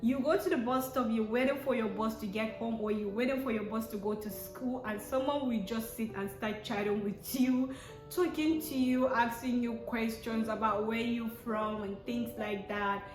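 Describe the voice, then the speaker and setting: A young Nigerian woman with a Nigerian accent telling stories to camera in a casual, animated way, often exclaiming and acting out both sides of conversations. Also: on the high side, normal speed. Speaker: vlogger. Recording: echoey room with soft piano music.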